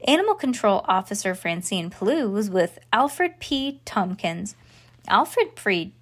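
A woman's voice: mid-range voice, sing-song, unhurried. A woman hosting a children's podcast, reading a storybook aloud with playful character voices and chatty asides.

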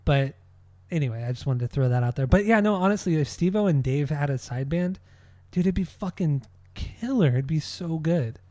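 A man's voice: a little high, expressive, normal speed, a little mellow, dry recording, clean studio sound. Laid-back man in casual podcast chat. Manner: laid-back, swears, repeats phrases. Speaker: podcast co-host.

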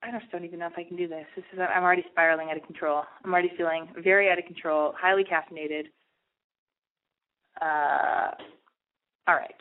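A woman's voice: lowish voice, fairly even intonation, fairly quick, pauses often. A young adult woman hosting a radio talk show, rambling candidly and profanely about her own life with self-deprecating humor. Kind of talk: candid personal monologue. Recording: tinny phone-like radio audio.

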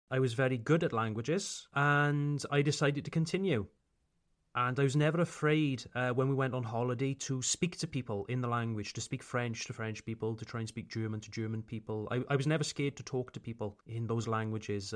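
A middle-aged man with a Welsh accent, a podcast host and teacher, talking about his life in an easy, chatty way with small restarts. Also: medium pitch. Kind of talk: unscripted personal talk.

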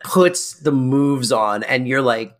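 A co-host in a casual recap chat, animated and jokey, jumping into high voices for quotes. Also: slow. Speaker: podcast co-host.

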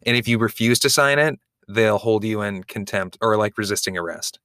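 A man's voice: fairly low pitch, normal speed, bright, forceful tone, clear, resonant tone, no room sound, clean studio sound. A man co-hosting a podcast, chatting casually and joking, sometimes reading an article aloud. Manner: playful, jokey, reads articles aloud. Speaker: podcast co-host. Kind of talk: casual chat.

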